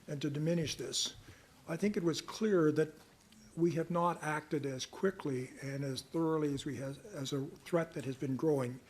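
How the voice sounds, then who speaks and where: An older man answering reporters' questions at a news conference, measured and earnest, sometimes reading passages aloud. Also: on the high side, breathy edge. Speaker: special rapporteur answering press questions.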